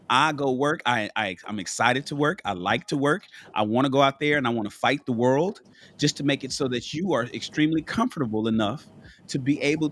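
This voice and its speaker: A man's voice: mid-range voice, fairly bright tone. A man who is sick and lying down, talking bluntly and profanely as a panelist in a casual chat, with many restarts and a cough. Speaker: panelist on a live call-in show. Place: at home in bed.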